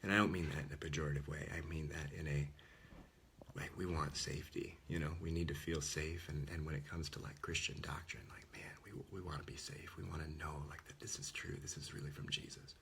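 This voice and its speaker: Low-voiced man, gravelly fry, casual earnest sermon, slips into whispers, faint background hiss. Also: fairly even intonation, fairly quick, fairly bright tone. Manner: earnest, informal, often drops to a whisper. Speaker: Catholic speaker.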